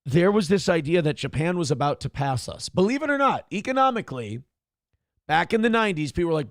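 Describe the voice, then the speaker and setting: A man hosting a morning show, giving blunt, profane, animated commentary on the news. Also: fairly high pitch, quick pace, no room sound, clean studio sound. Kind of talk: casual political commentary.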